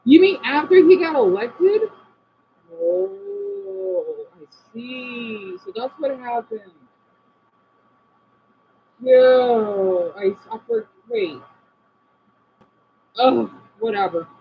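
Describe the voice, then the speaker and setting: An American man streaming live, chatting loosely with his viewers. His pitch jumps around a lot as he rambles from one thought to the next. The sound is dull and lo-fi, with a faint hum underneath. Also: lively intonation, very slow, creaky, pauses often. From United States. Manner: scattered, rambling, reacts to chat aloud. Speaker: livestreamer. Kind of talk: casual live stream chat.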